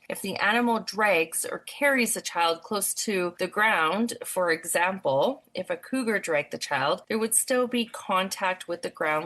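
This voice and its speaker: Woman podcast co-host, animated storyteller. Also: on the low side. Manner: animated storytelling, acts out her own shouts. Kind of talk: casual chat, then reading notes.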